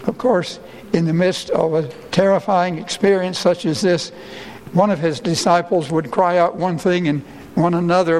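A male pastor preaching a sermon, his voice rising and slowing when he quotes people crying out. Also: steady tone, darkish tone, in a large hall, rough recording. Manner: rises in pitch and slows for quoted cries.

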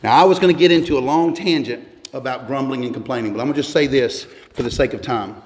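A man's voice: medium pitch, quick pace. A man giving a sermon as pastor, earnest and conversational, often restarting his sentences. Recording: echoey hall with long reverb.

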